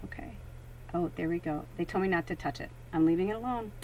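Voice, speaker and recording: A woman's voice: on the low side, fast, dark tone, poor audio. A woman working as a psychic medium, talking casually and animatedly to viewers during a card reading. She swears freely and acts out her own thoughts in quoted asides.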